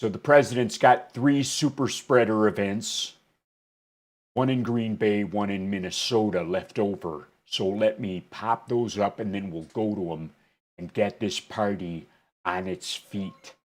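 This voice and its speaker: A man doing a slow, gruff ex-wrestler politician. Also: on the low side. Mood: deadpan. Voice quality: dry, throaty. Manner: slow, drawling, deliberate delivery.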